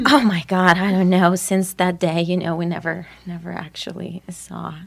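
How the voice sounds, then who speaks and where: A woman's voice: on the low side, fairly even intonation, a little slow, gravelly, slightly rough, heavily acted. A woman improvising comic scenes, with a playful, amused way of talking.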